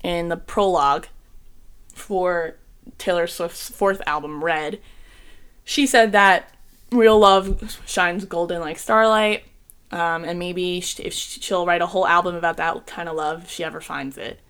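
A woman's voice: on the low side, fairly even intonation, a little slow, a bit bright, clean tone. A young woman co-hosting a casual podcast, gushing and emotional, choked up and near tears, with lots of "like" and "um". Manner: gushing, emotional, says "like" and "um" a lot. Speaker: podcast co-host.

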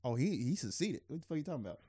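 Podcast co-host, man, animated swinging pitch, profane and laughing, dry close mic. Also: very fast, slightly rough, no echo. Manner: loose and profane, laughs often, drifts between loud and mumbled. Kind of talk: casual chat.

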